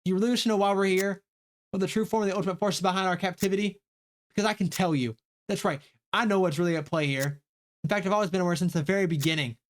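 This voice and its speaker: A man's voice: sits high, fast talker, pitched above the performer's own voice, close to an everyday voice. A man voicing a haughty, furious girl who speaks in a grand, commanding, insulting way. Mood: commanding rage.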